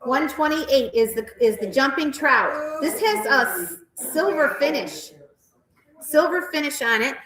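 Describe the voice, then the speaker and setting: A woman auctioneer calling bids at a live auction in a rapid, repetitive chant, with chatty asides about the pieces. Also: sits high, animated, fairly bright tone. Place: auction house hall. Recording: roomy echoey hall.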